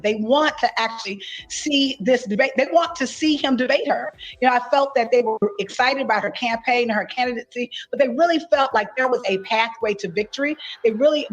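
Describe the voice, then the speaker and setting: A woman's voice: on the high side, low-quality recording. A woman reporting from the field, recapping an event earnestly with a few fillers. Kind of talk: news report, live recap.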